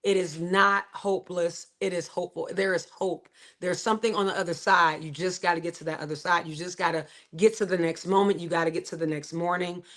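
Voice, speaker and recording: A woman's voice: fairly low pitch, steady tone, fairly quick, hardly any pauses, a bit bright. Lady livestream host, middle-aged, preachy n emphatic, keeps repeating herself like a sermon. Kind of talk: motivational faith talk.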